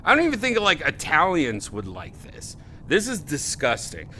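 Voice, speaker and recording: Bright-voiced rambling male podcast host. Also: fairly high pitch, huge pitch swings, moderate pace, slight background noise. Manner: loose, rambling, laughing riffs. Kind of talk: casual chat.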